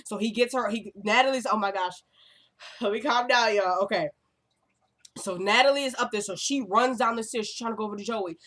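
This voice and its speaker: Woman vlogger, slightly high voice, casual recap, excitable and full of asides. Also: a little fast. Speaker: TV episode recapper. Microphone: own camera.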